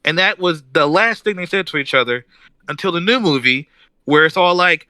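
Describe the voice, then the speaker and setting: Guy on a podcast mic going off about a movie, bright tense voice, higher-ish, dry sound. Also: moderate pace, smooth, no room sound. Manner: animated ranting, mimics characters mid-story. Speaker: podcast co-host. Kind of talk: casual chat.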